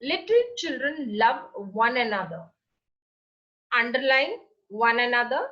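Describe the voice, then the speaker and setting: A woman's voice: on the high side, lively intonation, a little slow, dull audio. A woman teaching an online English class to children, patiently asking questions and then answering them herself. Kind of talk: recorded online class lesson.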